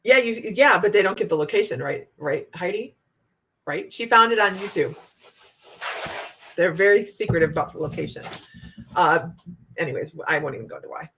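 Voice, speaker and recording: Ohio lady telling a story on a live stream, giggly and animated, chatty psychic host. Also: lowish voice, normal speed, pauses often. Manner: animated, laughs often while telling the story. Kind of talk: casual storytelling livestream.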